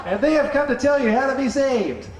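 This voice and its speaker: A man voicing a slave girl in a high, nasal cartoon-style voice, pinching his nose, heard from a distance in a roomy hall. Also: expressive, a little fast, a crowd in the background, noisy background. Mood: shrill. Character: shrill nasal slave girl announcing the apostles. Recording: roomy hall, distant mic, faint ambience.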